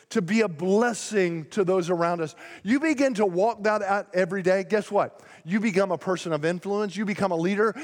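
A man with a high voice preaches from the pulpit, growing loud and fired up whenever he gets passionate. His words ring out with the long reverb of a big church hall. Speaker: pastor. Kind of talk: sermon. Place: church sanctuary.

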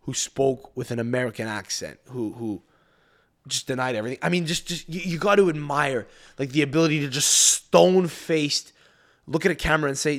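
A man's voice: mid-range voice, brisk. A man hosting a podcast, ranting casually in a profane, rambling way with frequent stammered restarts. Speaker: podcast host. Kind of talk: casual rant.

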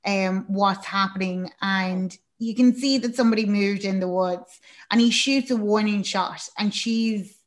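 A woman's voice: medium pitch, steady tone, a little slow. A woman casually recapping a film, chatty and rambling, with fillers and swearing.

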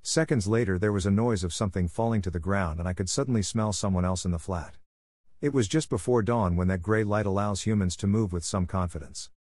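A man voicing a timid little male terrier dog with a soft, self-effacing voice. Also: on the low side, brisk, no echo, studio quality, lightly acted. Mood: telling.

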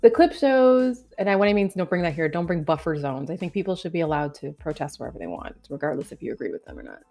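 A woman from Canada talks through a news story for her vlog, reading passages aloud and then breaking off into chatty, reactive commentary. Her voice sits a little low, and she laughs at her own slip-ups with names. Soft music plays faintly behind her. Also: sing-song, quick pace, gravelly. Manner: chatty and reactive, stumbling over names with self-deprecating asides. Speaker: commentary vlogger.

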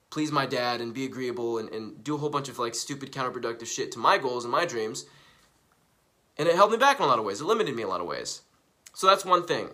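Animated, profane young man live streaming. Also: mid-range voice. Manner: animated and profane, swings from loud to hushed; rambling, repeats himself. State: coughing from recently quitting smoking. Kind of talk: casual live stream talk.

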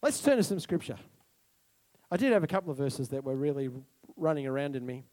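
A man preaching a sermon to a church congregation, animated and exclamatory, with sudden whoops. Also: a little high, fairly quick. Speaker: pastor. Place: church hall.

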